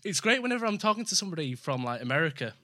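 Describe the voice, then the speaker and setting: A young adult podcast host from the West Midlands, with an accent mixing West Midlands and Yorkshire, chatting quickly and self-deprecatingly. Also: medium pitch, big pitch swings, bright, forceful tone, no echo, clean studio sound. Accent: West Midlands mixed with Yorkshire. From West Midlands, England. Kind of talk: casual chat.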